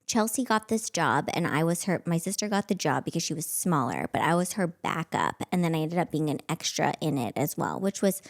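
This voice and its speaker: A woman in her thirties hosts a podcast, and her low, animated voice moves fairly quickly with hardly a pause. She tells a story in a chatty, self-mocking way, leaning on lots of filler words.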